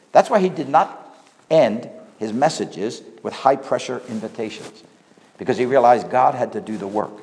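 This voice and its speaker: A man preaching a sermon, his voice swelling on key points and then dropping low. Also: a little mellow, long reverb tail. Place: church hall.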